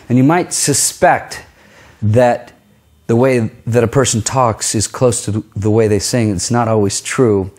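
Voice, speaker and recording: A man's voice: medium pitch, measured pace, a little mellow. Male vocal coach, mid-range voice, casual explainer talking to camera. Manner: conversational, explains while demonstrating sounds. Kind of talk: casual spoken singing lesson. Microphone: filmed on camera.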